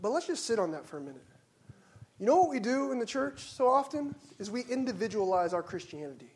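Pastor, man, higher voice, fervent sermon delivery with hushed and loud swings. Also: very animated, brisk. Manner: passionate preaching, swings from hushed to loud exclamations. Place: church sanctuary.

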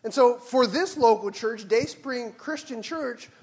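Pastor, man, higher voice, fervent sermon delivery with hushed and loud swings. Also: unhurried. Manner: passionate preaching, swings from hushed to loud exclamations. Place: church sanctuary.

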